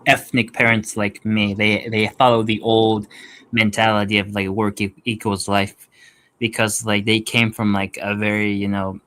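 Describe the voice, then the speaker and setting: An American man joins a relaxed group conversation, his voice pitched on the lower side. He talks in a halting, stop-start way, restarting his sentences often. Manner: hesitant, many restarts and fillers. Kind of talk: casual discussion.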